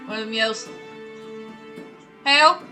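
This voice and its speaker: Lively, high-voiced woman running the game. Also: normal speed, music in the background. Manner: chatty, narrates between laughs. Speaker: dungeon master. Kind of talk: narrating a tabletop game.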